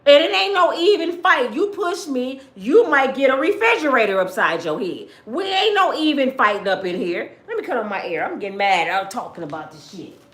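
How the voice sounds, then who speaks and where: A woman from Michigan who hosts a livestream and tells her own stories to viewers in a blunt, animated, outspoken way. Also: high-pitched, moderate pace, hardly any pauses, echoey room. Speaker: livestream host. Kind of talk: casual storytelling to viewers.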